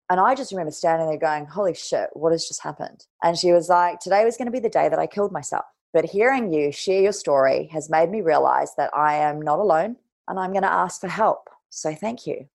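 Low-pitched woman, candid guest storyteller, casual and frank. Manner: candid, casual, swears lightly. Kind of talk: emotional personal storytelling.

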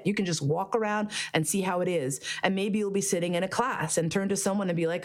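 A woman's voice: mid-range voice, quick pace, few pauses. A woman hosting a podcast, telling a candid story full of swearing and acted-out quotes. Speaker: podcast host. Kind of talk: candid casual chat.

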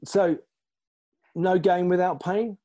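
A male podcast host with a high, warm voice asks questions in a friendly, chatty casual interview, speaking at a measured pace with fairly even intonation. He often stumbles and repeats words.

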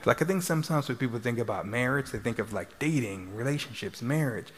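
Middle-aged man, chatty therapist talk, mid-pitched voice, faint ambience. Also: lively intonation, fast talker, slight background noise. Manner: chatty, tags sentences with "right?". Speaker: couples therapist. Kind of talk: speaking to a live audience. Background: audience laughter.

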